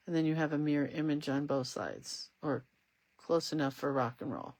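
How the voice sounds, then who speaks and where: A low-pitched woman talks at normal speed as she crafts on a livestream, with no room sound in the recording. Her chat is casual and meandering, and she reads out comments from viewers.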